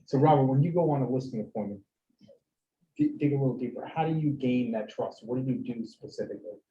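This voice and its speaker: A man's voice: mid-range voice, quick pace, mellow. A man hosts a town hall and prompts his guest with follow-up questions. He sits far from the mic, so his voice comes through dull and echoey with a faint hiss. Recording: distant, dull, echoey room audio.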